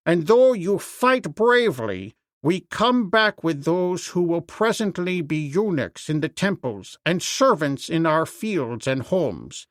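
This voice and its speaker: A man's voice: a little high, no room sound, clean studio sound. A man reading as a proud, fiery young warrior.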